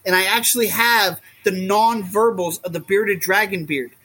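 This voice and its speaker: A man talking as a guest in a casual podcast chat, rambling and animated, often acting out what others say. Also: high voice, moderate pace, husky. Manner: rambling and animated, acts out quotes. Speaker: guest, reptile keeper.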